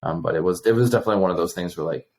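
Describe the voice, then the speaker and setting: A man's voice: low voice, racing, slight background noise. A man in his thirties, a podcast guest, casually telling stories and acting out the exchanges with lots of restarts. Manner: animated, acts out quoted exchanges, many restarts. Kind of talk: casual storytelling.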